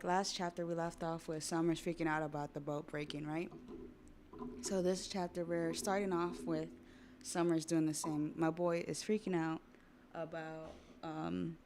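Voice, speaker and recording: A young adult woman livestreaming as she reacts to a manga, chatty and excitable, with casual swearing. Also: deep voice, normal speed, a little hiss or hum. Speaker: streamer.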